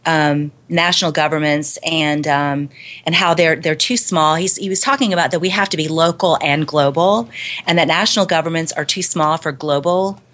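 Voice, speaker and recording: A woman's voice: low-pitched, moderate pace, fairly bright tone. A woman recounting a conference talk in casual chat, hesitant with many fillers and small laughs. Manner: hesitant, filler-heavy, giggly retelling. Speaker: guest reporting from a conference.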